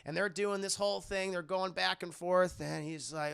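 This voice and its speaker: A man recapping a film scene by scene for a live stream, animated and profane, acting out the characters. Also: high-pitched, moderate pace, vocal fry, few pauses, clean tone.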